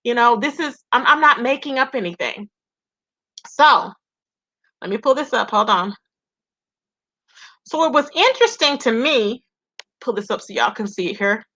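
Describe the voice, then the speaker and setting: A woman's voice: a little high, lively intonation, normal speed, long pauses, bright, forceful tone. A woman hosting a casual livestream about online drama. She chats freely and greets viewers by name. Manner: chatty, greets viewers by name, calls them "baby" and "y'all". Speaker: livestream commentary host. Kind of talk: casual livestream gossip commentary.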